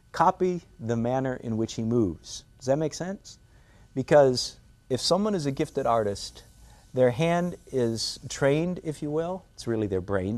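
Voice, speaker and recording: A man's voice: mid-range voice, a little mellow. An older man teaching a drawing lesson in a studio, playful and self-mocking with rhetorical asides. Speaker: art instructor.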